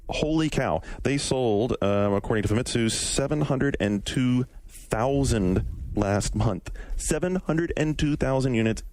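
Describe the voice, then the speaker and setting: A man hosting a casual podcast, leading the news segments in a relaxed way. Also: medium pitch, unhurried, no echo. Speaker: podcast host. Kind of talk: casual chat.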